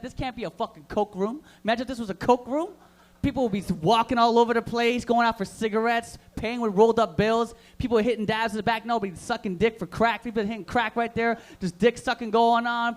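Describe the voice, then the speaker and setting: Performing stand-up in the comedy room of a vapor lounge, a man with a high voice throws crude, loud, pumped-up banter straight at the open-mic crowd.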